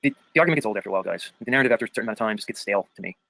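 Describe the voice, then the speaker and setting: A man's voice: fairly low pitch, animated, racing, gravelly, bright, forceful tone, no echo, low-quality recording. A man hosting a livestream panel in casual chat, reading viewer comments aloud and arguing his points emphatically, with lots of "dude" and "bro". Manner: argumentative, repeats points for emphasis.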